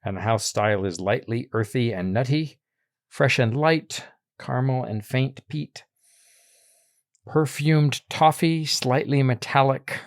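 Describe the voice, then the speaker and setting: A man hosting a casual podcast chat, relaxed and chuckling often. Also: medium pitch, a little slow, no echo, studio quality. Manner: relaxed, chuckling, reads tasting notes. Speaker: podcast host.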